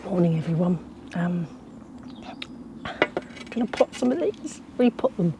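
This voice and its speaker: A woman chatting casually as a gardening vlogger, talking to her dog and now and then dropping to a soft whisper. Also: on the low side, lively intonation, measured pace, pauses often, background noise. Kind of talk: casual vlog chat. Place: outdoor allotment and a quiet home.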